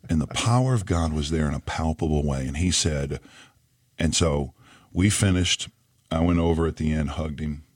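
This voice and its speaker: Deep-voiced pastor telling an earnest story. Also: male voice, no room sound, clean studio sound. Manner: earnest, emotional retelling with pauses. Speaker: pastor and podcast co-host. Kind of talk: storytelling in podcast conversation.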